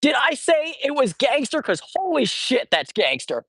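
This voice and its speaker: A man's voice: extremely high pitch, wildly swooping pitch, normal speed, fairly bright tone, no echo. Streamer, young man, casual and jokey, dry close sound. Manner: playful, joking, greets chat viewers, laughs often. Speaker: livestream host feeding stray cats. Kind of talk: casual livestream chat. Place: outdoors at a cat colony.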